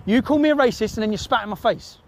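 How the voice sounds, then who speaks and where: A man's voice: sits high, fast. An angry man, swearing and repeating himself, confronting someone outdoors in a car park, filmed on a handheld camera phone. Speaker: confronting a passer-by. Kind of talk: heated street confrontation.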